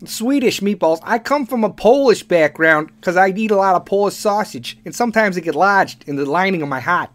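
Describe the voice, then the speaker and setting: A man voicing a bumbling Chicago store greeter with a halting Chicago accent. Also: high-pitched, expressive, a bit bright, voice pushed up. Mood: goofy. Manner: halting, full of uh's.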